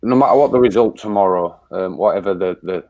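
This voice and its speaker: A man's voice: low-pitched, fast, darkish tone, no echo. A man from England, a guest on a casual fan show, blunt and plain-spoken.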